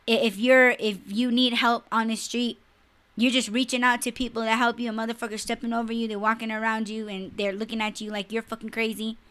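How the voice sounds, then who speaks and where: A young adult woman talks on a livestream podcast. Her voice is bright and sits a little high. She rants bluntly and swears a lot in loose, animated chat. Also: brisk. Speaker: podcast co-host. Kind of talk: casual livestream podcast rant.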